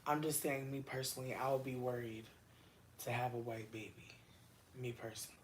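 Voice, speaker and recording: Slight background noise accompanies a livestreamer's casual, meandering banter with viewers. Speaking in a mid-range voice, he swears freely, leans on slang, and breaks into quick asides and bursts of excitement.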